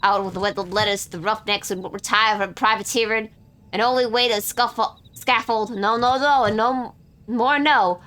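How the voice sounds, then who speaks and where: A woman's voice: mid-range voice, steady tone, normal speed, fairly bright tone, lightly acted. A woman voicing a crude, foul-mouthed female pirate captain, reading game dialogue in coarse old-timey pirate slang and stumbling over words. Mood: gruff. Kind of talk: reading game quest dialogue aloud in character.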